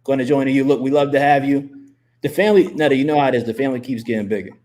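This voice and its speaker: A man hosting a live interview as a coach, talking emphatically and repeating himself as he gives shout-outs and pep talk. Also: mid-range voice, fairly even intonation, quick pace. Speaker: host and coach. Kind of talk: motivational livestream talk.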